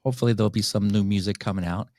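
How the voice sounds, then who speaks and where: A man's voice: fairly low pitch, steady tone, very fast, warm tone, no room sound, clean studio sound. An English man hosting a casual interview, effusive and gushing with praise for his guest. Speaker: podcast host.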